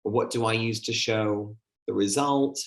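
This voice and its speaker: A teacher trainer with a lowish voice leads an online teaching workshop at normal speed. He's chatty and heavy on fillers, and he acts out the way he talks to a class.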